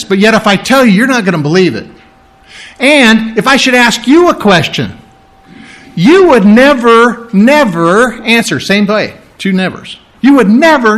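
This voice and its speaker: A man's voice: sits high, a bit bright. A man preaching a sermon, teaching through a Bible passage emphatically, reading its lines with dramatic emphasis.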